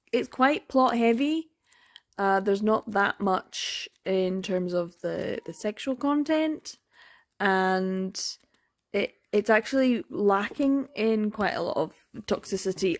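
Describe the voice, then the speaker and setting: A woman talking casually in a reading vlog, ranting in frustration and swearing often. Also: medium pitch. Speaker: book vlogger.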